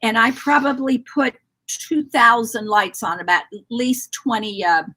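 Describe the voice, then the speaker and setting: A woman's voice: fairly high pitch, a little slow, sharp tone. A woman co-hosting a casual live chat about decorating, chatty and encouraging, losing her voice a little.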